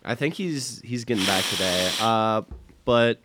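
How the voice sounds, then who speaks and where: A man's voice: on the low side, expressive, a little slow, very noisy. A young man from Wisconsin hosting a podcast in casual chat, laid-back and jokey. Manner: laid-back, jokey, says "dude" a lot. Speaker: podcast host.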